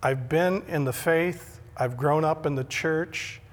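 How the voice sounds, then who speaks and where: A man's voice: on the high side, slow, big-room sound. A middle-aged male pastor preaching a sermon in a conversational way, often repeating words when he stresses a point.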